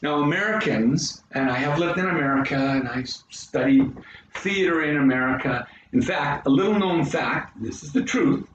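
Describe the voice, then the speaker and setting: A Canadian man coaching public speaking, talking dramatically and swooping widely in pitch. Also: moderate pace, fairly bright tone, highs cut off, slight background noise. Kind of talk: presentation to an audience. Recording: very echoey room, mic far off.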